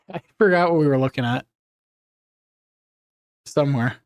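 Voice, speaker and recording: A man's voice: mid-range voice, measured pace, clean tone. A young man chatting casually on a live stream, rambling and reading chat messages aloud with easy laughs.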